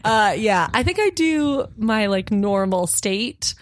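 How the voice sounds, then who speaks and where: A woman's voice: mid-range voice, animated, takes it slowly, no echo. A young woman, a podcast guest, telling a comic story in a chatty way with lots of fillers and laughter. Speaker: podcast guest, museum educator. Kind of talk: casual comedic storytelling.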